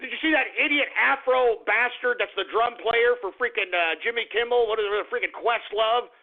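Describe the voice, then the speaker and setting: A man's voice: very high voice, moderate pace. A man hosting a radio show, ranting crudely with a lot of profanity. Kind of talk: call-in radio rant. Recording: narrow phone-like radio audio.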